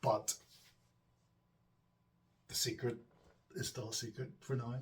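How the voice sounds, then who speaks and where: A man's voice: mid-range voice, little pitch movement, slow, recorded from a distance. A man with a Northern Irish accent hosting his own homebrewing channel, chatting casually to viewers with lots of ums and asides. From Northern Ireland. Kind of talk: casual chat to camera.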